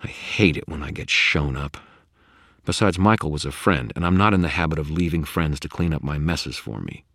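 Very deep-voiced male audiobook narrator. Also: moderate pace, a bit bright, dry recording, studio quality. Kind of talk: first-person fantasy audiobook narration.

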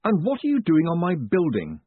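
A wary, sharp-witted rogue, as a male narrator voices him in a storybook reading, asking pointed questions in a very husky, lively voice. The sound is thin and phone-like, with a dry, close feel. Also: fairly high pitch, normal speed, no echo, pitched above the performer's own voice, full character voice. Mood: suspicious. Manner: guarded, questioning. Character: wary, sharp-witted man cornered on a rooftop.

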